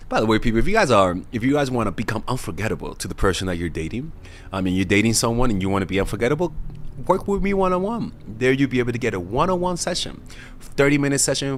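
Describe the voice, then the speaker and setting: A man coaching on dating, talking straight to his viewers in an earnest pitch with restarts. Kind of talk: direct-to-camera advice.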